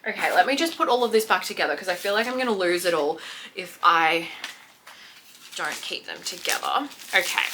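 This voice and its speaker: A young woman chatting excitedly to viewers as she unboxes a book parcel. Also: mid-range voice, normal speed, a little hiss or hum. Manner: gushing, excitable, talks to viewers. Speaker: book vlogger. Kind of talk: casual unboxing chat.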